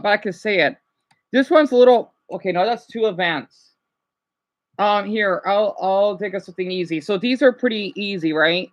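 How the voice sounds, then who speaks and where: Man, livestream chatter, rambling, halting restarts, crisp bright tone. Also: high voice. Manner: rambling and hesitant, many restarts. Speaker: livestreamer answering chat. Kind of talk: casual livestream chat.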